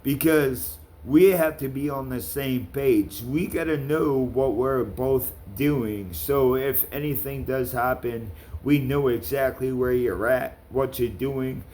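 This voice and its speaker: A man's voice: medium pitch, takes it slowly, hardly any pauses, a little mellow. A man ranting to camera in a vlog, calling out people by name, with blunt, profane talk. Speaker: vlogger.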